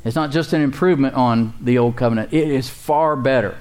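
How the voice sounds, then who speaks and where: A man preaching a sermon as pastor, calling out to the congregation and slowly repeating key phrases. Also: mid-range voice, a little mellow.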